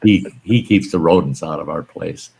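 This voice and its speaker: A man with a very low voice hosts a casual live stream chat. He tells rambling, folksy stories and swears mildly now and then. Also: moderate pace, vocal fry, a little mellow, slight background noise, poor audio. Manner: rambling, folksy storytelling with mild cursing.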